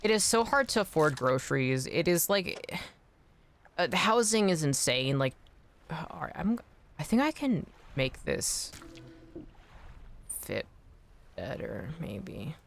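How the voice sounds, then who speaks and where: A man's voice: a little high, big pitch swings, slow, vocal fry, pauses often, fairly bright tone. A man streaming a game, chatting casually in a rambling, self-deprecating way. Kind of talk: casual gameplay chat.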